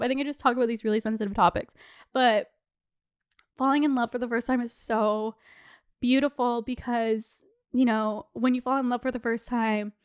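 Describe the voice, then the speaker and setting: High-voiced chatty young woman. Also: smooth, dry recording, studio quality. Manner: chatty, heartfelt, lots of "like" and "you know". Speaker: podcast host. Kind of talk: casual advice chat.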